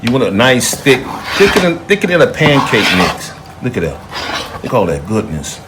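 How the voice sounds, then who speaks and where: This home cook and channel host speaks in a mid-range voice with huge pitch swings at a moderate pace. He chats with the viewer in a folksy, playful way as frying sizzles and pots clatter loudly behind him.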